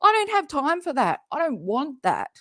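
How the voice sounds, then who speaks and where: A woman's voice: high voice, very animated, moderate pace, a bit bright, no echo, clean studio sound. A woman chatting loosely while reacting live to a stream, rambling, swearing and cutting herself off. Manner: swearing, rambling, self-interrupting, laughing. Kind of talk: casual live reaction commentary.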